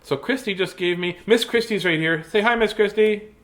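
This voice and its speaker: A man's voice: high-pitched, moderate pace, a bit bright. A middle-aged man hosting a live-streamed children's storytime, chatty and playful, easily sidetracked and greeting young viewers by name. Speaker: children's book reader and show host.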